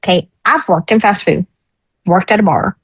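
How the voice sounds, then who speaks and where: A woman's voice: medium pitch, normal speed, husky, no room sound, rough recording. A woman in her thirties, a talk show guest, telling a personal story frankly and acting out the voices of the people in it. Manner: lively, frank, acts out quoted voices.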